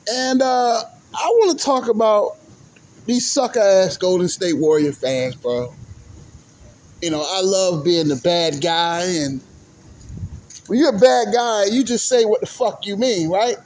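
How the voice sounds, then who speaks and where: A man ranting casually about basketball fans in a profane, animated way, often tagging his points with "right?". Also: high voice, a little slow, slight background noise. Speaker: vlogger, sports commentator. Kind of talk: casual ranting sports talk. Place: sitting at home doing laundry.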